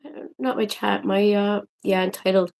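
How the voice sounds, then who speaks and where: Young woman livestreamer, casual chat, rambling asides, mid pitch. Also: fairly even intonation, moderate pace, gravelly, darkish tone. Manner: chatty, rambling, exasperated asides to viewers. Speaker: livestream host.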